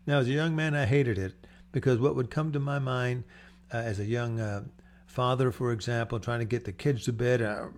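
A man's voice: medium pitch, creaky, darkish tone, slight background noise. An older man preaching a sermon in a conversational, storytelling way, acting out the voices he quotes. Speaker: pastor.

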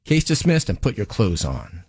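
A man's voice: fairly low pitch, very animated, normal speed, darkish tone, no echo, clean studio sound, voice pushed down. A man doing a scolding sarcastic TV judge. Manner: sarcastic, scolding, mocking the defendant. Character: stern, scolding female TV judge handing down rulings. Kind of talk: comedic courtroom monologue.

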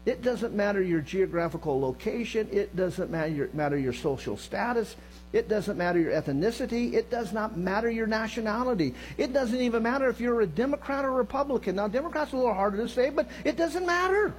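High-voiced preaching pastor. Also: male voice, expressive, a little fast, slight background noise, rough recording. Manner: dramatic, swinging from loud emphasis to low hushed tones; joking asides to the congregation. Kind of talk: sermon. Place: church sanctuary.

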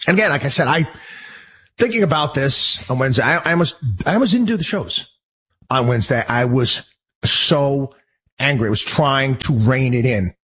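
Husky man ranting on his show. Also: mid-range voice, normal speed, fairly bright tone, poor audio. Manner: heated, rambling, many restarts. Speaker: show host. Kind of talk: personal monologue.

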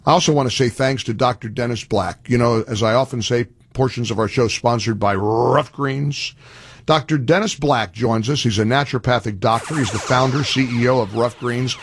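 A man's voice: mid-range voice, fairly quick, hardly any pauses, slightly rough. A male radio talk show host making an earnest, pleading appeal, often restarting his sentences.

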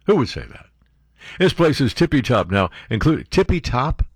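A man's voice: medium pitch, normal speed, breathy edge, no echo, studio quality. A man hosting a talk radio show, reading news items aloud and mocking them with sarcastic, incredulous asides. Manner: sarcastic, animated commentary with mock-incredulous outbursts.

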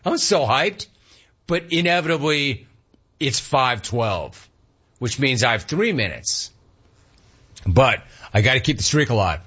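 A man's voice: mid-range voice, animated, measured pace, long pauses, bright, forceful tone, slightly rough, muffled recording. A man hosting a casual talk radio show and reading listener complaints, talking in slang and repeating words for emphasis.

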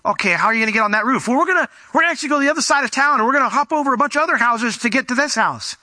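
A man voicing excited friends who pitch a wild plan, tripping over their words. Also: racing, dry recording. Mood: eager. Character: eager scheming male friends with a crazy plan.

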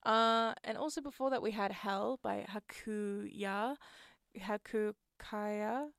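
A woman's voice: mid-range voice, fairly even intonation, slow pace, creaky, smooth, dry recording, studio quality. A young woman hosting a radio show, rambling chattily between tracks and often trailing off and restarting. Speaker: radio host. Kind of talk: casual radio presenting. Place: radio studio.

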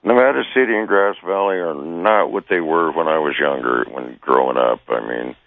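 A man's voice: very deep voice, normal speed, vocal fry, no room sound. A man in his sixties calling in, talking in a folksy, rambling way about life in the mountains. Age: 60s. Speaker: caller. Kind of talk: casual chat. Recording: tinny phone line.

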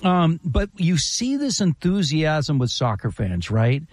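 A man talking sports on the radio, his fairly high voice swinging up and down as he spins jokey stories. The studio sound is close and dry. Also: takes it slowly, no echo. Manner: animated, jokey storytelling. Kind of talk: casual sports talk.

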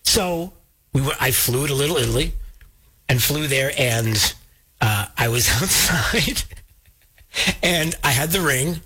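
Male talk host, husky bright voice, lively pitch swings, casual storyteller. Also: a little slow, long pauses. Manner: animated, jumps pitch high when quoting people. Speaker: show host.

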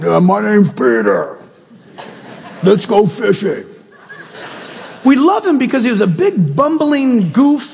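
Male pastor, high husky voice, animated sermon with crowd questions, long hall reverb.

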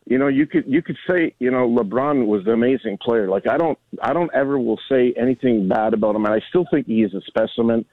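A man's voice: mid-range voice, quick pace, hardly any pauses, no echo. Friendly man in his 60s phoning in, rambling, tinny dry phone line. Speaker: caller. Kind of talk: phone-in chat.

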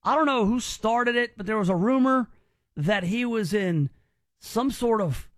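High-voiced joking male radio host. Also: unhurried, no room sound. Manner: joking, teasing, energetic. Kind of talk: radio call-in game banter.

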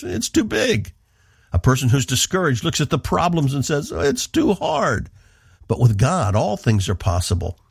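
A man from the northeastern United States, hosting a radio program with earnest, measured devotional Bible teaching. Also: medium pitch, slightly rough, dry recording, clean studio sound.

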